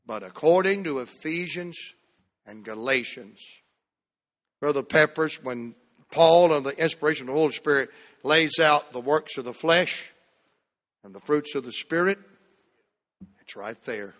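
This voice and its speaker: A man from the American South preaching a sermon to a church, shifting between loud shouts and hushed, drawn-out phrases. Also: a little high. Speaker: pastor. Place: church sanctuary. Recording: long hall reverb.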